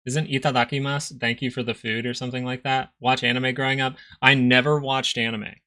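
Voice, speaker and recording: A young man hosting a stock market livestream speaks fairly quickly in a smooth, sharp, mid-range voice with flat delivery. He chats loosely about charts and jokes with his audience.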